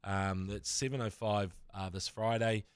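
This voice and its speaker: NZ male co-host, deeper voice, upbeat rugby fan banter. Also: fairly even intonation, a little slow, clean tone, no room sound, studio quality. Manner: enthusiastic, laughing, fan talk. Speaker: podcast co-host. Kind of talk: casual sports podcast banter.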